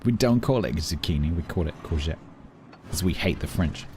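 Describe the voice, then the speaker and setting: A man's voice: low voice, lively intonation, moderate pace, darkish tone, slight background noise. A British man streaming a game, chatting casually with his viewers in a rambling, dry, self-mocking way. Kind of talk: casual chat while gaming.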